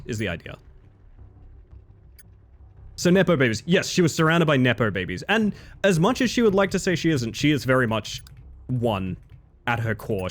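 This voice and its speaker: A man chats casually on a live stream, drifting from thought to thought. He keeps dropping in "like" and "you know" as he talks. His voice sits at an ordinary middle pitch. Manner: rambling, full of "like" and "you know".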